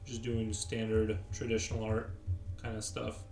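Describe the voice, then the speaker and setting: A man's voice: on the low side, monotone, moderate pace, creaky, a little mellow. A man chatting casually on a live stream while he sketches, rambling as he answers viewers' chat. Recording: roomy, distant mic, faint music.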